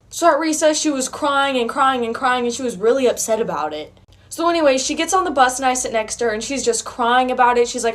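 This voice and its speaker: A woman telling a funny personal story in a chatty, animated way. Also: high-pitched, fast talker. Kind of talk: casual storytelling.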